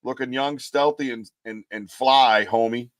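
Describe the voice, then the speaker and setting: A man's voice: medium pitch, steady tone, a little slow, no room sound. Joking, rambling New man host. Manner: loose, joking, rambling with slang. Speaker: podcast host. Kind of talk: casual live-stream chat.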